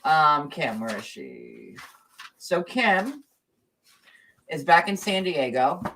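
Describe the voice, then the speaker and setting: A man's voice: fairly high pitch, very animated, slow pace, gravelly, bright, forceful tone, far from the mic, slight background noise. A man hosting a casual gossip livestream, talking in a chatty, meandering way with lots of fillers. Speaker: show host.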